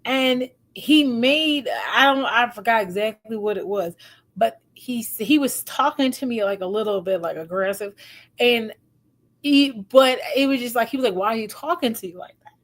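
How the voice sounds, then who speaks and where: A woman with a fairly high voice, speaking at normal speed, hosts a relationship advice talk. She tells stories casually and animatedly, acting out what people said and laughing often.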